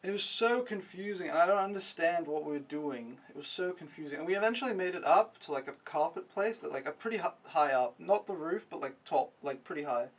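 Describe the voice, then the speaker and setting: A man's voice: on the high side, expressive, brisk, few pauses, recorded from a distance. A young man vlogging a casual, rambling recap, mocking himself and swearing freely.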